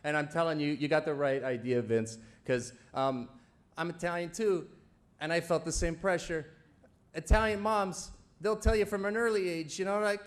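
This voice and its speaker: A man's voice: on the high side, normal speed. A man delivering a comedy roast at a charity banquet, chuckling through his jokes and teasing the guest of honor. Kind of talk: stand-up roast set. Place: banquet event before a live audience.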